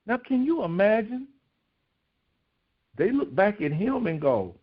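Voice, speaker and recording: Animated preacher man, dull lo-fi sound. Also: moderate pace. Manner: rhetorical questions, voice rising high in dramatized pleas. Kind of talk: recorded devotional sermon. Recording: dull lo-fi recording.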